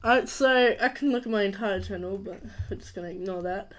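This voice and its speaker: Young male streamer, higher-pitched voice, chatting casually with lots of false starts. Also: fairly bright tone. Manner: rambling, halting, with many restarts. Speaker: live stream host. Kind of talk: casual chat on a live stream.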